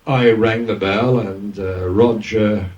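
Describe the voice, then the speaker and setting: A man in his sixties with an Australian accent, a former radio DJ telling lively anecdotes in an interview, often acting out what others said. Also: on the low side, takes it slowly. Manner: lively raconteur, acts out quoted speech. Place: event venue. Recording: dull, distant lo-fi recording.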